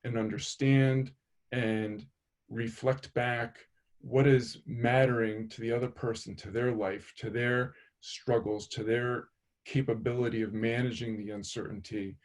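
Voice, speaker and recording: A man's voice: mid-range voice, steady tone, unhurried. A man psychologist speaking earnestly in a webinar, building his points in lists and then telling a short story. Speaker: psychologist guest. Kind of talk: conversational webinar talk.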